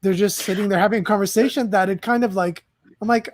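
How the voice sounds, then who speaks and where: A man hosting a casual conversation about films, speaking in a measured, reflective way and often searching for words. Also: high-pitched, steady tone, no echo. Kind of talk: casual film chat.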